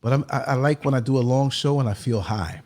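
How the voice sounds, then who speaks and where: A man hosting a call-in podcast, talking in a relaxed, low-key, reflective way. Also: fast. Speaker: podcast host. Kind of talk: casual call-in chat.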